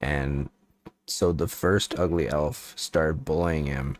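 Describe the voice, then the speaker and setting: A man's voice: a bass voice, slow pace, a little mellow, dry recording. A man streaming as a VTuber, chatting playfully with viewers and making up a rambling silly story. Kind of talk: casual livestream chat and improvised bedtime story.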